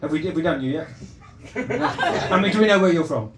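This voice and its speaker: A stand-up comic in a live club teases the crowd, rambling and stammering as he restarts his lines. He speaks at a moderate pace in a fairly high male voice that swings widely in pitch. Loud noise fills the echoey room, and the mic is far away.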